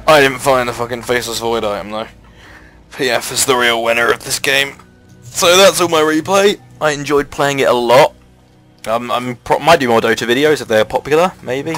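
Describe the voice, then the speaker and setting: A man giving casual, excitable commentary over a replay of his own online match, swearing freely and jumping up in pitch at the big plays. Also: fairly quick, soft background music, rough recording.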